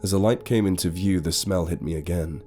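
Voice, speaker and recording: A man giving a steady, grave, scripted first-person horror narration over faint music. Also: low-pitched, fairly quick.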